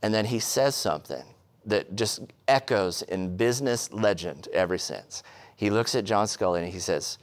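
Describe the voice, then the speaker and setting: A man preaching a sermon, telling stories with quick humorous asides and rhetorical questions. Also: on the low side. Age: adult, past college. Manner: animated storytelling with asides. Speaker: pastor.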